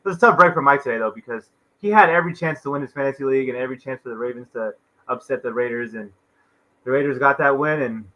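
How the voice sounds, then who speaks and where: Quick, chatty male co-host with a bright, punchy tone. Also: medium pitch, low-quality recording. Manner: quick, chatty, laughs along. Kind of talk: casual livestream chat.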